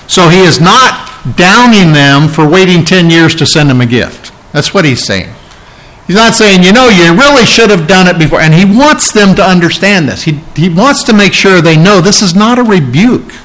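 A man preaching a sermon as pastor, talking in a conversational way with restarts and fillers, reading and explaining Bible verses and rising in pitch for emphasis. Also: expressive, normal speed, fairly bright tone, poor audio.

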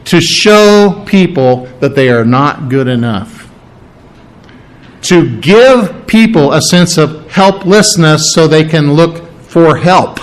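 A middle-aged man preaching a sermon, animated and full of rhetorical questions. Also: on the high side. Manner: animated, rhetorical questions, acts out quoted voices. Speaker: pastor.

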